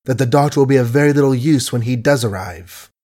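A man voicing a grave, gentle gentleman who speaks sadly and in a measured way. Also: mid-range voice, lightly acted.

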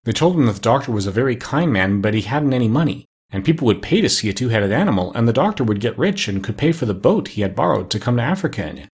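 A man narrating a children's storybook aloud in an expressive, measured reading. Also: mid-range voice, slightly rough.

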